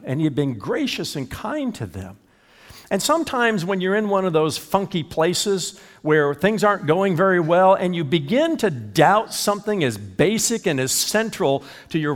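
An older man preaching a sermon as a pastor, emphatic and animated, with chuckles between points. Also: fairly high pitch. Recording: reverberant hall.

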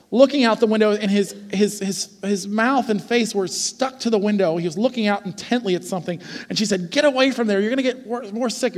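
A man in his forties preaching a sermon, telling stories in a lively, conversational way and often checking in with the congregation. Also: high-pitched, in a large hall. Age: 40s. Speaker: pastor. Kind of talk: sermon with storytelling.

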